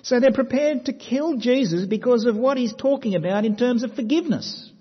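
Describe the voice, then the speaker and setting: A man preaching a sermon, telling the story dramatically and dropping to quiet emphasis. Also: extremely high pitch, brisk, husky. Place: church hall. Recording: dull sound with long hall reverb.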